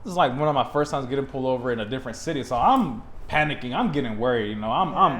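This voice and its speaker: A young man from Texas, a podcast host, telling a story in a casual, animated way and laughing often. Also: medium pitch, racing, a little hiss or hum. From Texas, USA.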